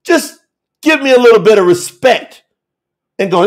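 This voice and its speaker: Sitting high in pitch and animated at normal speed, a man preaches a fiery telethon sermon in Southern US dialect grammar. He's emphatic and repetitive, swinging from shouts to hushed asides.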